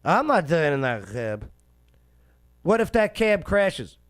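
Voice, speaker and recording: Animated sarcastic male host. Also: on the high side, slow pace, no room sound, clean studio sound. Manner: animated, sarcastic, repeats phrases for emphasis. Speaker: show host. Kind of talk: casual commentary on a news clip.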